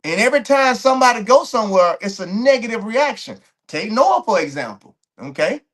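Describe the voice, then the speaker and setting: A man's voice: high-pitched, sing-song, fairly quick, a bit bright. A man hosting a track and field commentary show, ranting bluntly to his viewers and repeating words as he restarts his points.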